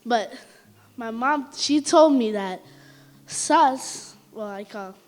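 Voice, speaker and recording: A young woman giving a short, hesitant wedding speech with halting restarts. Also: a little high, expressive.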